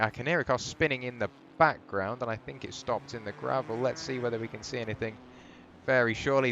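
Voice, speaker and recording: A man calls a sim race live, rambling between tangents and building excitement as the leader takes the flag. His voice sits at an ordinary middle pitch, with a faint hum underneath. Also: dull audio. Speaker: race commentator. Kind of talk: live sim racing commentary.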